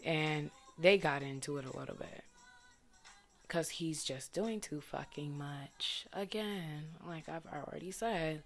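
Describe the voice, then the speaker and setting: Blunt, low-voiced woman venting a story. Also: measured pace. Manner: blunt, profane, frustrated storytelling; vents with indignant rhetorical questions. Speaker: vlogger. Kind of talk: casual storytime monologue.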